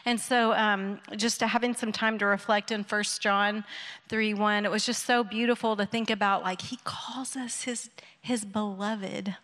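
A woman in her thirties sharing a personal faith testimony with a church group, soft-spoken and heartfelt, with frequent pauses and ums. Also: medium pitch, steady tone. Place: church gathering hall. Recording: echoey hall with long reverb.

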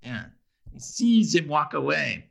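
A man's voice: fairly high pitch, very animated, measured pace, gravelly, a bit bright. A man in casual chat, animatedly retelling a TV episode and acting out the characters' lines.

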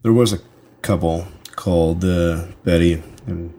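A man's voice: low voice, a little slow, dark tone. A man with a son, co-hosting a podcast and telling a rambling, profane comic story in casual chat. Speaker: podcast co-host.

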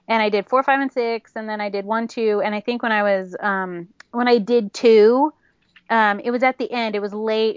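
A woman's voice: mid-range voice, clear, resonant tone, no echo. A woman telling funny stories in a casual podcast chat, laughing often and acting out what people said. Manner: giggly, fast storytelling with acted-out quotes. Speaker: guest.

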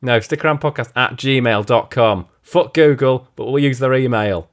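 A man putting on the voice of a profane, ranting punk frontman, firing off deadpan insults. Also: mid-range voice, moderate pace, close to an everyday voice.

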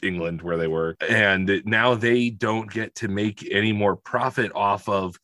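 Male co-host, bright and forceful, playful, self-correcting chatter, dry close sound. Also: on the low side, no room sound. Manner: animated, joking, quick to correct himself. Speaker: podcast co-host. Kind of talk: casual chat.

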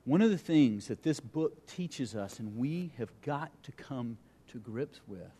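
A man preaching a sermon and reading scripture aloud, pausing for emphasis and letting his voice dip and swell. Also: medium pitch, expressive, warm tone, breathy edge, in a large hall. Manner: reads scripture aloud, pauses for emphasis, dramatic dips and swells. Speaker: pastor.

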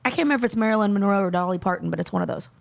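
A middle-aged woman co-hosting a podcast, ranting in animated casual chat and laughing often. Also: medium pitch, racing, creaky. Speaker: podcast co-host.

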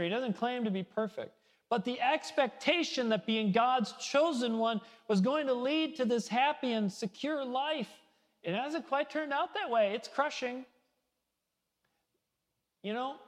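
A high-voiced male pastor gives a relaxed, conversational sermon from a reverberant sanctuary. He reads the psalm with dramatic rises in feeling, then drops into casual, joking asides for his listeners. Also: a little slow. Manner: conversational, folksy asides, animated scripture reading.

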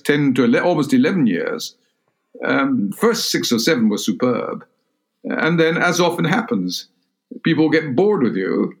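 An older man with a Scottish accent recalls events in a sit-down interview, speaking in a measured, halting way with many fillers and restarts. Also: medium pitch. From Scotland. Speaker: interviewee, former cabinet minister. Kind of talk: reflective recollection in a sit-down interview.

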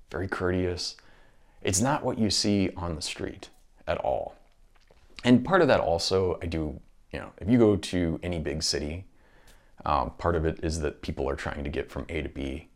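A man's voice: sits low, lively intonation, moderate pace. A man talking through his thoughts in a casual monologue, rambling and restarting often.

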